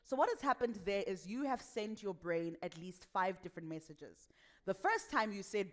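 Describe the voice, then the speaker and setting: A young adult woman with a West African accent leads a lively workshop on voice and speaking. She talks with energy and laughs often. She acts out the voices of the people she quotes. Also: medium pitch, normal speed. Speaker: voice and speaking coach.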